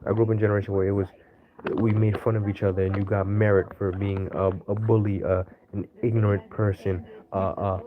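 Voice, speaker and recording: A man with a somewhat low voice talks his way through an unscripted monologue, stopping often to hunt for the right word. The audio is a little dull and lo-fi. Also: little pitch movement, a little fast, a crowd in the background. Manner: rambling, searching for words with many fillers. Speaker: astrology video host.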